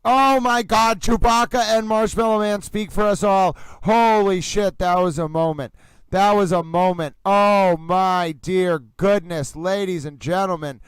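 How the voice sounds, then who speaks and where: Excitable high-voiced male stream host. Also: a little slow, clean tone, no echo, poor audio. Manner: excitable, exclaims and repeats himself. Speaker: livestream host. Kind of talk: live commentary on a trial stream.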